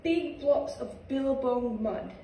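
A woman's voice: high-pitched, takes it slowly, mellow. A woman with an Australian accent voicing a matter-of-fact male platypus in a storybook reading. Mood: advising. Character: know-it-all male platypus. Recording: echoey room, far from mic.

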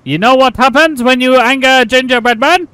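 A man voicing an angry, vengeful gingerbread man who loudly repeats theatrical threats in a game. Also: very high voice, normal speed, slight background noise, pitched above the performer's own voice. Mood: mock menace.

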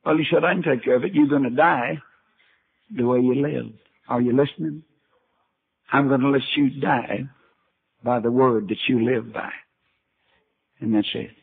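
A man's voice: medium pitch, moderate pace, creaky, long pauses, husky. An older man preaching a sermon, telling Bible stories in a folksy way and acting out the dialogue himself. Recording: tinny archival sermon recording.

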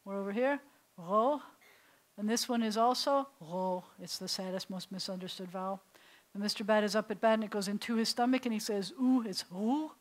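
A middle-aged woman rabbi teaching a beginners' Hebrew class, patient and playful, slowly sounding out syllables for students. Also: mid-range voice, rough recording. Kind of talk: classroom language lesson.

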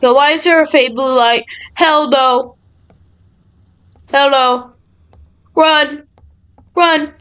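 A woman's voice: high-pitched, steady tone, takes it slowly, long pauses, fairly bright tone, poor audio. A young woman playing a horror game for her channel, nervous and jumpy as she talks to her viewers. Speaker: gaming channel host. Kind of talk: horror game let's play commentary.

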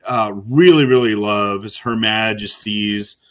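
A man's voice: fairly low pitch, unhurried. A man, a corrections officer, giving casual, rambling commentary while reacting to a video, with many fillers and restarts.

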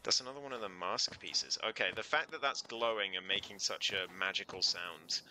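A man's voice: low-pitched, a little fast, pushed and bright, slight background noise, rough recording. A man streaming a video game in casual, playful commentary, thinking aloud and giggling often.

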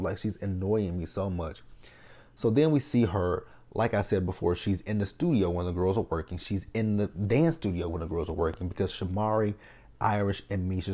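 Deep warm-voiced guy reviewing a reality show, blunt and fed up, swears a lot. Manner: exasperated, blunt and profane, retelling scenes with asides. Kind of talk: casual video review commentary.

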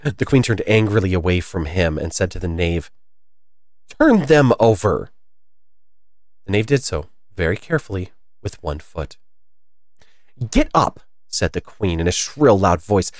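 A man reading a classic children's story aloud in a lively, expressive way. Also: deep voice, no echo, studio quality.

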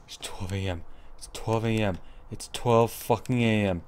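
A young man hosting his gaming channel, nervously commenting on a horror game, swearing and repeating himself in hushed murmurs and sudden yelps. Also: fairly low pitch, moderate pace, slight background noise.

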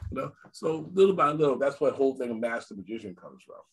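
An older man speaks in a husky, slightly rough voice at a middle pitch. He chats casually over a video call, animated and talkative, repeating phrases to drive his point home. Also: quick pace. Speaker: guest magician.

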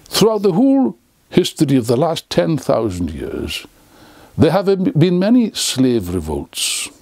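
A man's voice: fairly high pitch, wildly swooping pitch, unhurried, darkish tone, no room sound. An older man giving an impassioned, unscripted lecture to camera, full of sarcastic asides and restarts, close on the mic. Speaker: political speaker.

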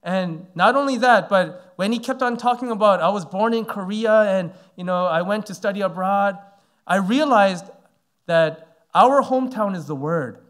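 Guy in his 40s preaching, high voice, rambly with lots of "like" and "you know". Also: moderate pace, fairly bright tone. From Canada. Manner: rambling storytelling, many fillers. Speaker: pastor. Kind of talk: sermon. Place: church sanctuary.

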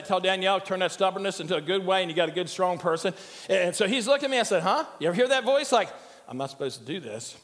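A man's voice: high voice, a bit bright. An older man preaching a sermon as pastor, conversational and joking as he tells stories. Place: church sanctuary. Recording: church hall reverb.

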